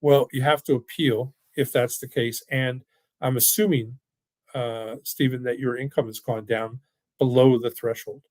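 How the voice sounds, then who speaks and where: A man's voice: medium pitch, steady tone, a little slow, darkish tone, dry recording. A middle-aged man running a finance webinar, talking casually and persuasively with frequent restarts, over a video call mic. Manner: emphatic, with frequent restarts and repeated "look". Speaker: financial firm owner hosting a webinar. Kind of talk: casual, persuasive talk and Q&A answers.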